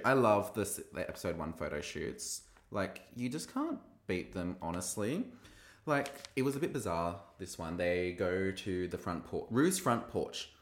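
A man hosting a podcast, recapping a TV episode in a gossipy, animated way and acting out quoted lines. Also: on the low side, reverberant. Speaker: podcast host reviewing a TV episode. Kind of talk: casual recap chat.

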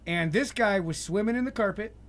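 A man's voice: high voice, fairly quick, fairly bright tone, slight background noise. A man telling wild stories in casual chat, swearing a lot and laughing often.

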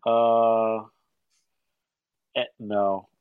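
A man's voice: on the low side, flat delivery, extremely slow, clean tone, no echo. A man in casual chat about wrestling picks, joking and using slang. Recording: dull, lo-fi dry sound.

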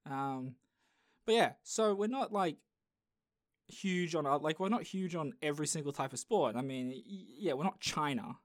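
A man's voice: on the high side, lively intonation, normal speed, no echo, clean studio sound. A man hosting a podcast in casual chat, rambling with lots of fillers. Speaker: podcast host.

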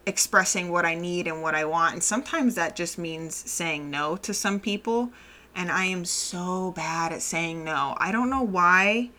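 A woman's voice: on the low side, bright, forceful tone. A woman, a mother of a toddler, talking candidly and reflectively in a casual personal monologue, often laughing.

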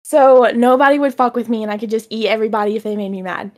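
A woman's voice: on the high side, fast talker, dry recording, clean studio sound. A woman hosting a casual podcast, chatty and self-deprecating, laughing often and swearing freely. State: hiccups. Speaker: podcast host.

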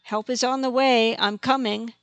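A narrator reading an audiobook, voicing a small, brave young woman who calls out excitedly. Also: mid-range voice, normal speed, vocal fry, no echo. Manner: excited, calling out.

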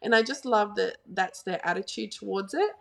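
A woman's voice: medium pitch, moderate pace, creaky, a bit bright. An Australian woman in her thirties, a podcast guest telling stories in a chatty way, full of "like" fillers. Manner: chatty, storytelling, many "like" fillers. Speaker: guest photographer. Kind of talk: casual podcast chat.

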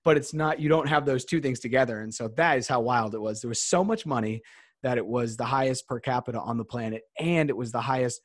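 A man's voice: mid-range voice, fast talker, dry recording, clean studio sound. A man in his thirties hosting a casual chat, rambling and thinking aloud as he talks. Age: 30s.

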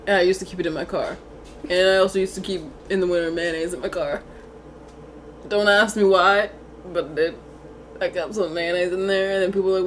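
A woman's voice: lowish voice, steady tone, a little fast, slight background noise. A young woman from Canada co-hosting a podcast in casual chat, telling rambling stories, giggling often and swearing freely. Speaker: podcast co-host.

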